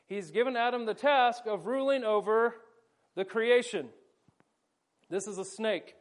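A man's voice: high voice, measured pace. A man preaching a sermon, explaining with energy and playful asides while volunteers act out a scene. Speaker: pastor.

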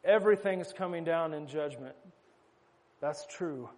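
High-voiced man preaching a sermon. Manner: conversational with wry asides, slowing for emphasis.

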